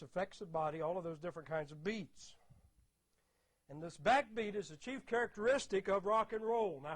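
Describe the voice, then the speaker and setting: A man giving an explanatory talk about rhythm. He repeats key words emphatically and counts out beats aloud. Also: high voice. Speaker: music teacher giving a talk.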